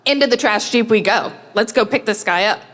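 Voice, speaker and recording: A woman telling a true story on stage in a wry, self-mocking, animated way. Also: a little high, brisk. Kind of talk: live comic storytelling. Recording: long hall reverb.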